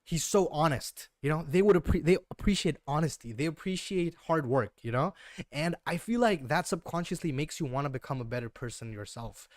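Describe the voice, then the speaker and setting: A man's voice: fairly high pitch, a little fast, no echo, studio quality. A young man from Northeast India with an Indian English accent, chatting casually and slangily as a livestream trading host. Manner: slangy, relaxed, keeps saying "bro".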